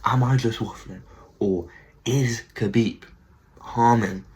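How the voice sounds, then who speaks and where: A man rants excitedly about fighters in a casual commentary. His voice sits at a mid pitch, and he swears often and keeps repeating his points. A faint hiss sits under the recording. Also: takes it slowly, low-quality recording. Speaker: MMA commentary channel host.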